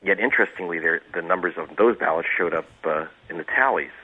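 A low-voiced man calls in to a radio show as a reporter guest. He rambles through sarcastic asides and frequent restarts. His voice comes through a thin, tinny phone line. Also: fast talker, breathy edge. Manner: sarcastic, digressive, many restarts.

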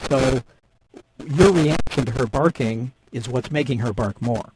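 A man with a gravelly, creaky voice talks dog training as a radio guest. He explains in an animated way and acts out dogs and owners in quick quoted voices. The recording carries a steady layer of noise. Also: mid-range voice. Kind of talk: radio call-in chat. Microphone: too close to the mic. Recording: noisy radio studio mic.

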